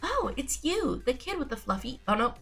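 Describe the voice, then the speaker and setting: A woman voicing a shy, tech-savvy teenage girl, speaking in a timid, halting way while sick with a sore throat. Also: high-pitched, big pitch swings, gravelly, fairly bright tone, soft background music, pitched above the performer's own voice, heavily acted. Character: shy techy teen girl hacker. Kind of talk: reading game dialogue aloud.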